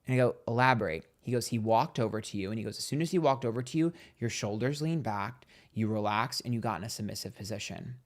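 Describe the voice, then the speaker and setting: A man's voice: on the low side, quick pace, few pauses. A man hosting a live stream, telling a gossipy story in casual chat, acting out what others said and thanking viewers for donations. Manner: chatty and gossipy, acts out quotes, reads donations aloud. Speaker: psychic tarot livestream host.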